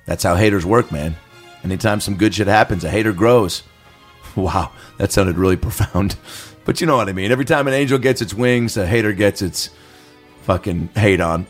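A male comedian co-hosting a casual podcast, talking with quick, profane asides. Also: on the low side, faint music behind. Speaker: podcast co-host.

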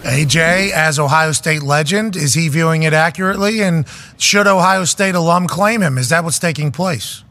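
A man's voice: on the high side, normal speed, sharp tone. A man co-hosting a sports talk show, rambling and joking in casual chat. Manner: jokey, rambling storyteller. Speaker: co-host.

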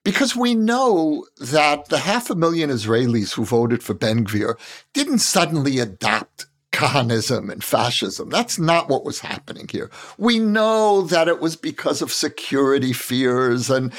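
A man in his sixties with a voice at a middle pitch. He talks in an earnest, searching, measured way, as a co-host in a reflective podcast conversation. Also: animated. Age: 60s. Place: Israel.

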